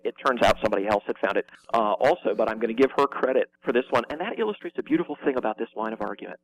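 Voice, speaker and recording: A man as an interview guest, explaining with emphatic energy and quick restarts. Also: mid-range voice, creaky, a little hiss or hum, low-quality recording. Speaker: guest explaining biblical evidence.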